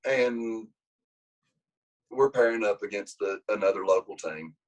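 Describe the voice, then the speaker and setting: A man's voice: lowish voice, measured pace, low-quality recording. A man, a wrestling coach telling a long story in an interview, rambling and restarting his sentences. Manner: rambling with many restarts, lively when acting out quotes.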